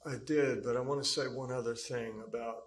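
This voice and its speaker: A man's voice: mid-range voice, steady tone, brisk, a little hiss or hum. A man giving witness testimony in a courtroom, telling his account at length in a rambling, hesitant way full of fillers. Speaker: trial witness. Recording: echoey courtroom mic.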